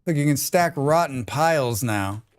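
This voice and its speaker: An American man talks loosely and jokes with viewers as he plays through a live-streamed survival game. His voice sits a bit higher than most men's, and his pitch jumps up when he teases or puts on a bit. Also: animated, normal speed, clean tone. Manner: joking, chatty, reads and answers chat. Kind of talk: casual live-stream chat while gaming.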